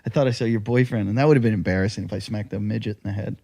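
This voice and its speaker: A man's voice: lowish voice, very fast, dark tone. A man telling crude comic stories. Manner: crude, jokey storytelling. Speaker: podcast co-host. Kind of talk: casual comedic banter.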